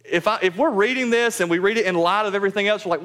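High-voiced man preaching a sermon. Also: very fast, fairly bright tone. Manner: emphatic, repeats key phrases; addresses the congregation directly. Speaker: pastor.

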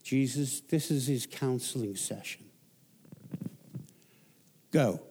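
A man's voice: takes it slowly, darkish tone, a little hiss or hum. A man preaching a sermon as a guest pastor, telling Bible stories emphatically. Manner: storytelling, emphatic, rises in pitch for emphasis.

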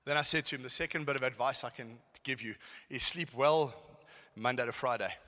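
A middle-aged man preaching a sermon, telling stories and swinging between shouted lines and quiet asides. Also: mid-range voice, a little fast. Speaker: pastor. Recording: hall with long reverb.

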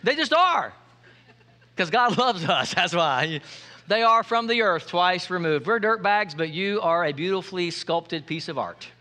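A man's voice: high-pitched, expressive, unhurried, sharp tone. A man preaching a sermon, playful and joking, calling out to the congregation for responses. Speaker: pastor.

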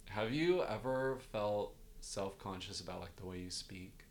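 Low-voiced young man in casual chat. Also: a little slow, slight background noise. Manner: relaxed, lots of fillers, self-deprecating. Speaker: podcast co-host.

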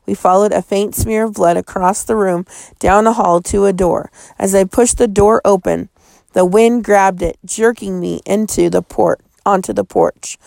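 Woman reading a story out loud, gravelly voice, dry close sound, suspenseful. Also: mid-range voice, expressive, normal speed, no room sound. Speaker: audiobook narrator.

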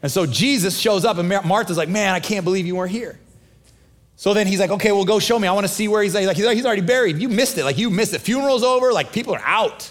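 A man's voice: high-pitched, quick pace. A man preaching a sermon as a pastor, in a casual, conversational way, acting out the dialogue of the story.

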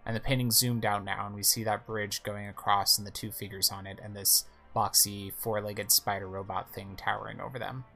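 Gravelly man reading a game story. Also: lowish voice, flat delivery, brisk, few pauses, pushed and bright, faint music behind. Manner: casual asides between story reading. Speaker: game player narrating. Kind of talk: reading game text aloud with commentary.

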